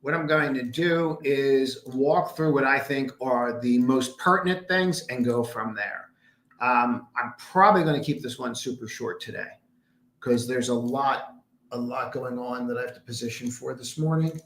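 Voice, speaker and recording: A man's voice: medium pitch, normal speed, a bit bright. Rambling man hosting a market livestream. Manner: rambling, emphatic, mutters asides to his screen. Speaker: trading stream host. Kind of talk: casual market analysis livestream. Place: home room in a condo. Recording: roomy echo.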